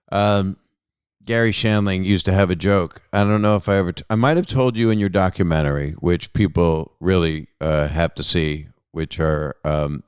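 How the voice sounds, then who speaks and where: Low smooth-voiced guy hosting a podcast, rambly self-mocking stories, dry close sound. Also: no echo. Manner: rambling, self-deprecating storytelling. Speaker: podcast host. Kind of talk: casual conversation.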